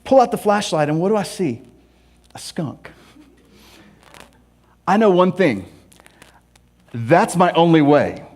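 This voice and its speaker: A man preaching a sermon, telling stories with animated humor and playful asides. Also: high voice, moderate pace, long pauses. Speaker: pastor.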